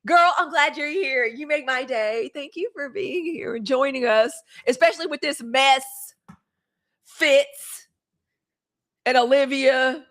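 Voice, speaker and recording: Animated high-voiced woman, chatty host. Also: measured pace. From Mississippi, USA. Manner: animated, gossipy, cursing freely. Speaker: live show host. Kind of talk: casual live-stream chat.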